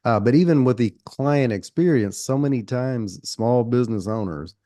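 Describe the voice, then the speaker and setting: A man's voice: medium pitch, normal speed, warm tone, dry recording, studio quality. A middle-aged man with a Southern country accent hosting a podcast interview, talking in a rambling, folksy, self-deprecating way. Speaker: podcast host.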